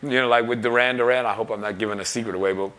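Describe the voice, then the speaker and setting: A musician telling a story in an interview, animated and laughing as he acts out other people's lines. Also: medium pitch, racing. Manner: animated storyteller, laughing, acting out quoted voices. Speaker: musician and record producer. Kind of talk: telling an anecdote.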